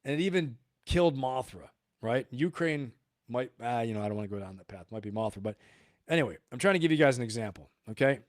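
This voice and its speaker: A man's voice: medium pitch, quick pace, no echo, clean studio sound. A man hosting a live show, talking casually and rambling with frequent laughs. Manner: animated, rambling, laughs often. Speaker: livestream host.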